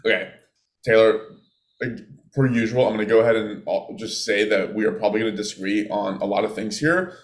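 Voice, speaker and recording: A man's voice: lowish voice, brisk. A man co-hosting a podcast, chatting and joking as he starts telling a true-crime story. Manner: chatty, joking, trails off and restarts. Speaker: podcast co-host. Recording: roomy echo.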